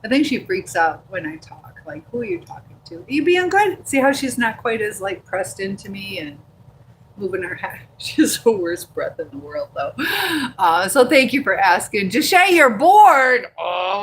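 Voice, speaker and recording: A woman hosting a casual livestream from her phone, talking in a loose, rambling way as she reads out viewer comments and answers them with lots of ums and likes. Her pitch sits in an ordinary middle range, and a faint hiss of background noise runs underneath the recording. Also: moderate pace, fairly bright tone, low-quality recording. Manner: chatty and rambling, reading viewer comments aloud with many fillers. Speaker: livestream host. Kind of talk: casual live-stream chat. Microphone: handheld phone.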